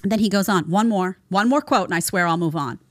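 A woman's voice: on the low side, fast, no room sound, studio quality. A woman hosting a reaction commentary show, talking emphatically and sarcastically, often calling people "honey" and asking her audience to agree. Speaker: show host.

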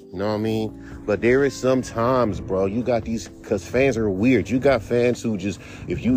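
A man's voice: mid-range voice, a little mellow. A man hosting his own podcast, ranting in a heated, rambling and profane way. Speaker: podcast host; rapper. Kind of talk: casual rant podcast.

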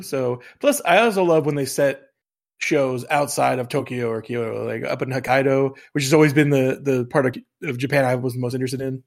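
A man's voice: mid-range voice, creaky. A man co-hosting a podcast in casual chat, eager and upbeat. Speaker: podcast co-host.

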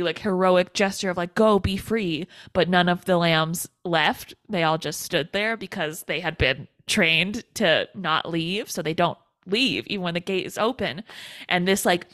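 A woman co-hosting a podcast casually recaps a film scene by scene, saying "like" a lot and quoting lines. Her voice is lowish with a fairly bright tone, and the recording is dry.

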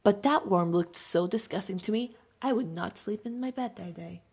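A woman's voice: mid-range voice, moderate pace, darkish tone, slightly rough. A young woman hosting a casual podcast, sharing strong opinions in a chatty way with lots of filler words. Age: young adult. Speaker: podcast host.

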